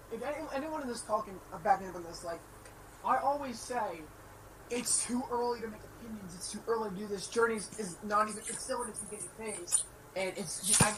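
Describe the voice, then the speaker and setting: A woman's voice: mid-range voice, fairly quick. Earnest woman on a noisy call. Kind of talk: casual chat about an anime. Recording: voice call with audible noise.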